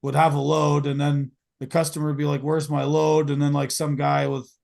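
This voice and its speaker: A man's voice: on the high side, monotone, brisk, gravelly, a little mellow. A man hosting a podcast, talking casually in long, rambling runs full of fillers and restarts. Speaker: podcast host.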